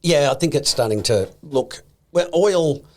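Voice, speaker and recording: A man's voice: on the high side, animated, unhurried, a little mellow. A man co-hosting a podcast, thinking aloud and hedging his points in casual chat. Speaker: podcast co-host.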